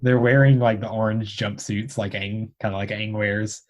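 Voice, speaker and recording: A young man with a low voice co-hosts a podcast in easy, casual chat. He talks in halting bursts, stopping and restarting often and leaning on fillers as he thinks aloud. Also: flat delivery. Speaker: podcast co-host.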